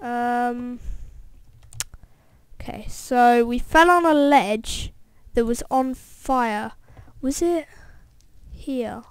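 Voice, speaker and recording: A woman with a fairly high voice narrates her gameplay for viewers, reacting aloud to every setback and win. She talks at an unhurried pace, and the sound is dry and close. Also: clean tone, no echo. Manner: excitable, reacting aloud to the game; talks straight to viewers as guys. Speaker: gameplay video host. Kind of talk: let's-play gameplay commentary.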